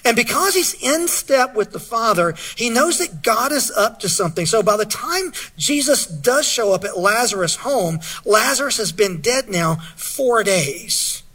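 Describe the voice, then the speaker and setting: Husky bright-voiced preacher man. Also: high-pitched, lively intonation, a little slow, few pauses. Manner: earnest, asks the audience questions, reads scripture aloud. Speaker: pastor. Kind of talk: sermon.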